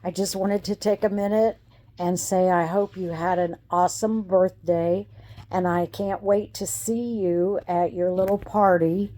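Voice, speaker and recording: Dark-toned, tender woman's greeting. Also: on the low side, steady tone, a little slow. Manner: emotional, tender. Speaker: former coworker sending video greeting. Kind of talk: heartfelt personal video message.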